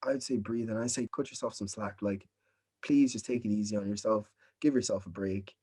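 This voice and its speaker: A man's voice: lowish voice, brisk, dark tone, husky. A young man from Nigeria, a drama student, talking casually and earnestly in an interview over a video call, encouraging and often adding "you know what I mean". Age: young adult.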